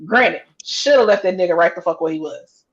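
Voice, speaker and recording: A woman's voice: lowish voice, lively intonation, fairly quick, lo-fi sound. A woman co-hosting a podcast, chatting casually and telling stories bluntly with plenty of swearing. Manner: blunt, profane storytelling. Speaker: podcast co-host. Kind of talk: casual chat.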